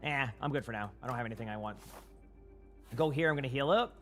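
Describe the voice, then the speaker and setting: A man's voice: mid-range voice, fast talker, a bit bright, soft background music. A young man with a Boston accent giving casual, rambling live-stream commentary while playing and chatting with viewers on a headset mic.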